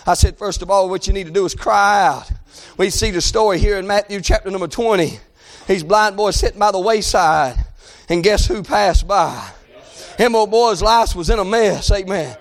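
A man preaching a fervent sermon, often shouting and calling out amen. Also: high-pitched, normal speed.

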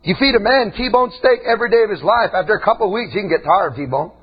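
High raspy man preaching hard, shouts then goes quiet, muffled recording. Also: expressive, fast. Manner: swings between shouting high and dropping low and quiet. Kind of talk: sermon.

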